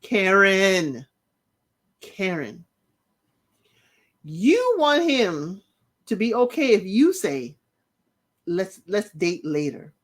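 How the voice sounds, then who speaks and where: A woman's voice: mid-range voice, very animated, extremely slow, long pauses. A woman hosting a casual recap show, retelling scenes and talking straight to the people in them. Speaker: reality TV recap host.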